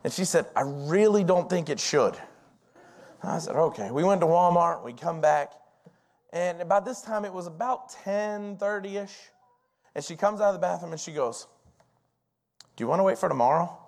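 A pastor in his forties preaching a sermon, telling personal stories in an animated, folksy way. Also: high-pitched, moderate pace.

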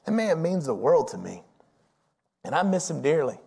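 A pastor in his forties preaching a sermon, telling personal stories in an animated, folksy way. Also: on the high side, moderate pace, creaky, breathy edge.

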